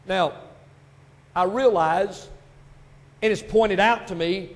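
A man with a high voice preaches a sermon, spinning everyday stories before driving his point home in loud, punchy bursts. The sound rings with a long echo from a church hall. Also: takes it slowly, long pauses. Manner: storytelling preacher, building to loud emphatic bursts. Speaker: pastor.

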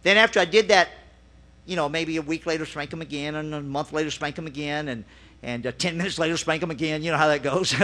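Middle-aged male preacher, story-driven sermon, forceful bright tone, fairly high voice, acts out his own lines.

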